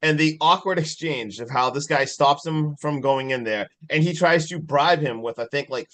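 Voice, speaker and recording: A man's voice: on the high side, normal speed, fairly bright tone. A man co-hosting a casual movie review podcast, chiming in and laughing as he retells scenes. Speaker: podcast co-host.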